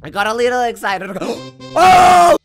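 Excitable high-voiced gamer man. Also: normal speed, over loud music. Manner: loud, shouty, swears a lot, jokey. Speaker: gaming YouTuber. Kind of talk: excitable gameplay commentary.

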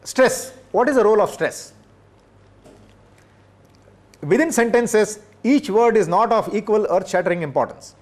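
A middle-aged man, a professor, giving a measured workshop lecture that is often broken by hesitation fillers. He checks in with listeners through short tag questions. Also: sits high, animated. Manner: measured, checks in with "right?" and "okay?".

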